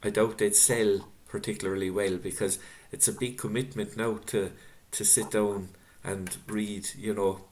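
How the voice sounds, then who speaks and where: A middle-aged man interviewing an author and reading out audience questions, speaking in an unhurried, reflective way over a video call. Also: on the low side, fairly even intonation, darkish tone. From Ireland. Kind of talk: casual book-event conversation.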